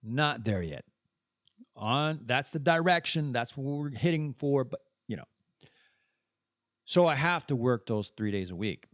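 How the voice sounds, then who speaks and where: A man's voice: medium pitch, lively intonation, a little slow, pauses often, no room sound, studio quality. A man hosting his own podcast, talking casually in a rambling, self-interrupting way with playful asides. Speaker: podcast host. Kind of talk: casual solo podcast monologue.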